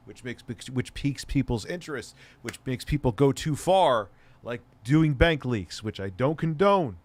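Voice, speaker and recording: A man's voice: mid-range voice, lively intonation, unhurried, hardly any pauses. A man hosting a live reaction show, scolding the person in the clip with jokey, repetitive jabs. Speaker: host reacting to clips.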